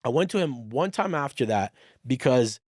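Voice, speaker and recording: A man telling a personal story in a casual podcast conversation, animated, swearing freely and acting out the dialogue. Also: mid-range voice, normal speed, no echo, clean studio sound. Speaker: podcast guest.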